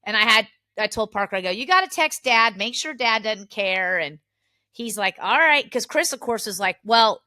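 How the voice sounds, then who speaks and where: Bright-voiced woman telling stories. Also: fairly high pitch, no room sound, clean studio sound. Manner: animated storyteller, laughs often. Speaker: podcast co-host. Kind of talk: casual family chat.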